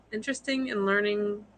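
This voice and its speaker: A woman's voice: medium pitch, creaky, fairly bright tone, low-quality recording. A young woman, a fiber artist guest, chatting casually on a live video call, rambling and self-deprecating with frequent laughs.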